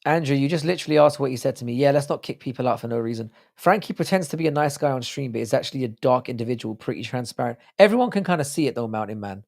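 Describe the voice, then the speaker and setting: Hoarse, gravelly British man chatting. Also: medium pitch, animated, rapid-fire, few pauses, a little mellow. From United Kingdom. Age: adult with a child. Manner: crude, joking banter. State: hoarse, sore throat. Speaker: livestream host. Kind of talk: casual livestream chat reading out viewer comments.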